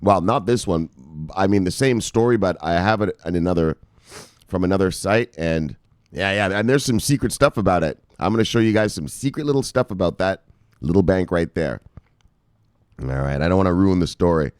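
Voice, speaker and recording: A man hosting a casual crypto news live stream, reading out viewer names with loud shout-outs, swearing freely and rambling in a chatty way. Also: deep voice, fairly quick, clear, resonant tone, dry recording, studio quality. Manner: animated, swears freely, shouts "bang" at each name. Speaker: crypto news show host.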